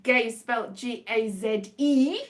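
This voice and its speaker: A woman's voice: on the high side, takes it slowly. A woman chatting casually on a livestream, rambling and self-mocking with a wry tone. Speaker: livestream host.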